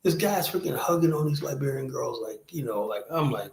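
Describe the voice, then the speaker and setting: A man hosting a stream, talking bluntly and profanely and rambling, with a steady stream of "you know". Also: medium pitch, a little fast, vocal fry. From United States. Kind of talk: casual stream talk. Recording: roomy echoey sound.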